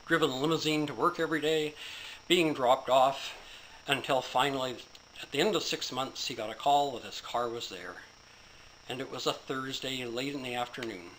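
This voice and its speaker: A man's voice: medium pitch, fairly bright tone, slight background noise, poor audio. A man telling a long joke in a casual, folksy storytelling manner.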